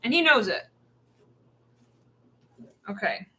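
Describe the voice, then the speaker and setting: A woman giving a channeled tarot reading, animated and acting out quoted voices as she goes. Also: on the high side, slow, rough recording. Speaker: tarot reader.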